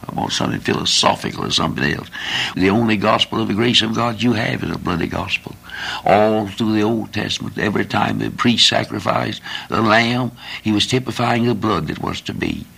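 Gravelly-voiced older man preaching. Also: on the low side, steady tone, moderate pace, fairly bright tone. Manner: folksy, repetitive preaching with rhetorical questions. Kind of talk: sermon.

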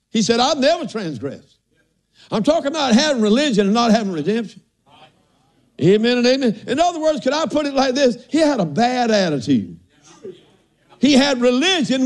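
An older man preaching a folksy sermon, often asking "are y'all listening" and saying amen. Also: very high voice.

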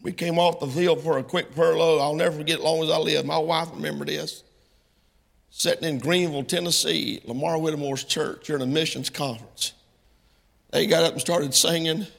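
Middle-aged male preacher, high and gravelly, bright-edged, folksy sermon that builds to impassioned peaks, long hall reverb. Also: fairly even intonation, fairly quick.

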